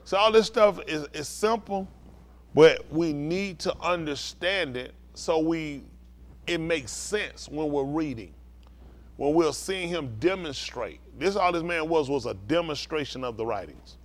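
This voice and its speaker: A man's voice: on the high side, animated, unhurried. A man preaching as a pastor, teaching scripture and often asking the listeners if they follow. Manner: keeps checking the listeners understand. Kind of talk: bible teaching with call-and-response.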